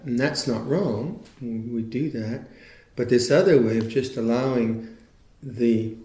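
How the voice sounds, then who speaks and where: A man, a meditation teacher, giving a reflective dharma talk in a thoughtful, unhurried, conversational way. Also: medium pitch, dark tone, echoey room.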